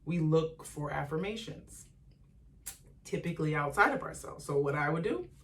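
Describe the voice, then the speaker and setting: A woman's voice: low voice, moderate pace, far from the mic. A woman hosting a solo motivational podcast, speaking conversationally, asking the listener questions and acting out the voices of others. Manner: animated, acts out quoted voices of family and parents. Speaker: podcast host.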